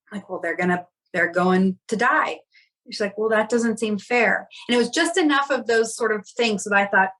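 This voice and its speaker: A woman's voice: medium pitch, a bit bright, low-quality recording. A woman, a podcast guest, telling a personal story in a candid, reflective way and often acting out quoted dialogue.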